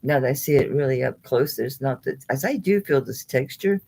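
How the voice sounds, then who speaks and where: A woman's voice: extremely low pitch, animated, brisk, gravelly, mellow, breathy edge, low-quality recording. A woman hosting a live jewelry sale stream, rambling chattily, thinking aloud, laughing often and talking to viewers by name. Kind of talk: casual live-stream selling chat.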